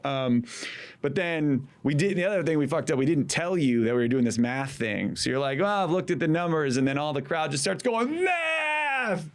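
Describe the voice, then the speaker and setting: Man, thirties, gravelly voice, mid pitch, animated storyteller, swears freely. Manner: animated storytelling, acting out quotes, frequent swearing. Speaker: guest, former campaign manager. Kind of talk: casual podcast chat.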